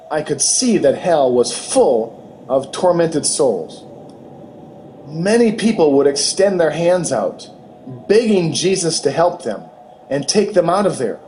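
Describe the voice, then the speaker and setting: A man narrating a testimony in a measured, earnest storytelling manner. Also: fairly high pitch, darkish tone, slight background noise, poor audio. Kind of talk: slow testimony reading.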